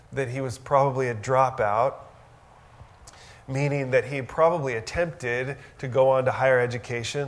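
A man preaching a sermon in a conversational, earnest way, now and then rising into emphatic bursts. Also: mid-range voice. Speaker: pastor.

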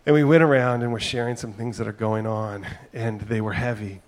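A man's voice: on the low side, steady tone, brisk. A middle-aged man preaching a sermon as pastor, talking in a conversational, storytelling way with asides and frequent "right?".

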